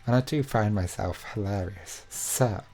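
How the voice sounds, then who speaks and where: This young man hosts a live online quiz in a fairly low, darkish voice at a slightly slow pace. He reads every question twice and fills the gaps with chatty, self-mocking asides.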